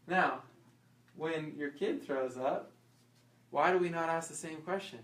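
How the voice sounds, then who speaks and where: Man with a higher voice, chiropractor running a class, quizzes the room, roomy echo, off-mic. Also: measured pace, long pauses, a little hiss or hum. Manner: lively, asks the audience questions and acts out little scenes. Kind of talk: informal health class talk. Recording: echoey room, voice from far off.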